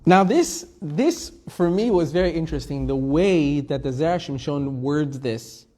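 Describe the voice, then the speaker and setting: A male rabbi teaches a weekly Torah class in a relaxed, conversational way. His voice sits fairly high for a man, and he weaves Hebrew quotations into his storytelling. He often poses a question to the room and then answers it himself. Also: unhurried.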